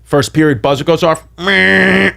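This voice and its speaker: A man, telling a wild story on a podcast in an animated, profane way. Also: fairly high pitch, a little fast. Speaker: comedian guest.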